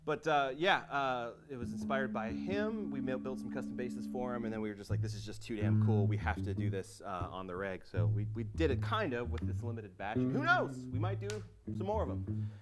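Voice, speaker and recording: Excitable, jokey American man. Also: brisk. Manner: excitable and jokey, laughing often. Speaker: bass maker representative. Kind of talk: live product demo chat. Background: bass guitar playing.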